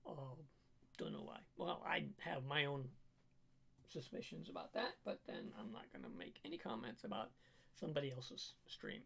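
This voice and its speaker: A middle-aged man, a cook and livestreamer, chatting casually in a home kitchen, rambling and halting and firm in his opinions. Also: on the high side, vocal fry, slightly rough.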